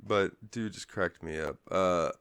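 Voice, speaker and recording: A man's voice: deep voice, measured pace, a bit bright, clean tone, no room sound. A man co-hosting a podcast, chatting casually and rambling about a game, laughing often and swearing freely. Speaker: podcast co-host. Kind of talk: casual game review chat.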